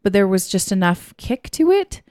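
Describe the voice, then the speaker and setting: A woman co-hosting a casual chat podcast tells stories conversationally, performing the quotes herself. Her mid-range voice swings widely in pitch at normal speed, with a darkish tone in a dry, studio-quality recording.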